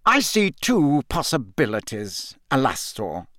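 A man's voice: mid-range voice, wildly swooping pitch, unhurried, fairly bright tone, no room sound, clean studio sound. A man reading aloud, voicing an impatient, blustering middle-aged male minister in a storybook.

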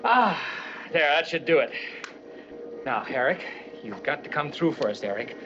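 An excitable, bragging army officer crows and teases in a fairly high voice that bounces all over. The sound is dull and old, with loud hiss under it. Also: male voice, moderate pace. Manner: gleeful, boastful, teasing. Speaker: army major.

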